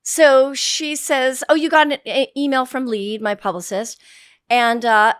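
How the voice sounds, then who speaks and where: A fairly high-voiced woman in her fifties with a faint Boston accent chats bluntly and salty as an interview guest. Her dry, close studio sound carries no room echo. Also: a little slow, clean tone. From Boston area, United States. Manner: blunt, salty storyteller with lively quoted voices. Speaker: guest, actress. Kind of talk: casual interview chat. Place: podcast studio.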